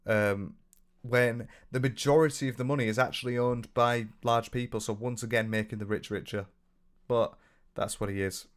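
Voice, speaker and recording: A young man with a sore, hoarse throat, chatting loosely on a live stream from his room, swearing freely and reading out viewer comments. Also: medium pitch, steady tone, moderate pace. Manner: loose and rambling, swears freely, trails off into ums. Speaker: livestreamer.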